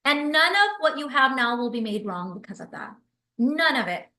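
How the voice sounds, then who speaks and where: A woman hosting a live stream, reading viewer comments aloud and answering them in an effusive, animated way. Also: sits high, normal speed, echoey room. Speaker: livestream host and business coach.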